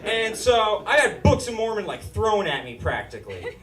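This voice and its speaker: A man's voice: sits high, big pitch swings, normal speed, recorded from a distance, a crowd in the background. A man from Utah doing a stand-up comedy set, with a nasal, whiny voice and sardonic, swearing punchlines. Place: small comedy stage with live studio audience. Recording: roomy stage with audience laughter.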